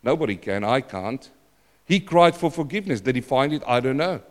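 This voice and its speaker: A man preaching a sermon in a church, dramatic and repetitive, swinging between loud outbursts and hushed asides. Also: medium pitch, animated, brisk, in a large hall.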